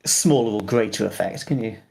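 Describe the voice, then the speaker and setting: A man with a gravelly voice chatting as a tabletop player. He tosses off quick asides and jokes to the group. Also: on the low side, darkish tone. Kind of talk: casual tabletop chat.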